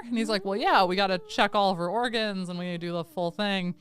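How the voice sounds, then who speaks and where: A woman's voice: mid-range voice, steady tone, a little fast. A woman co-hosting a podcast, recapping a movie in casual chat and acting out the characters' lines as she goes. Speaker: podcast co-host.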